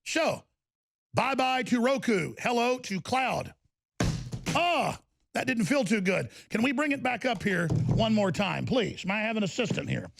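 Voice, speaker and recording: A man's voice: high-pitched, very animated, unhurried, creaky, background noise. A middle-aged man hosting a talk radio show, ranting with energy and tripping over his own restarts in the studio. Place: broadcast studio.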